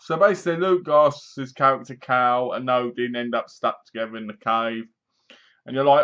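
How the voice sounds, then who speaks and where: A man's voice: medium pitch, normal speed, fairly bright tone, clean tone. A man with an English accent giving a casual, rambling movie review that sounds sarcastic. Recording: dull lo-fi recording.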